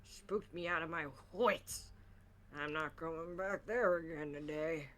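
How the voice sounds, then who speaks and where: A woman's voice: low voice, slow pace, a bit bright. A woman voicing a grumpy, nearsighted old man who can't stand children, reading game dialogue with friends in a mocking tone. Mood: grumbling. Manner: cranky, mocking, playful exaggeration.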